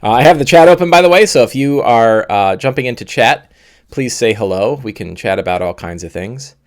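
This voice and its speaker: A man who is slightly losing his voice, casually talking through his game preparation as a streaming host, with lots of fillers and pauses. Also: medium pitch, expressive. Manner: rambling, with many fillers and pauses. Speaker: game master and channel host. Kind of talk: live-streamed game prep talk.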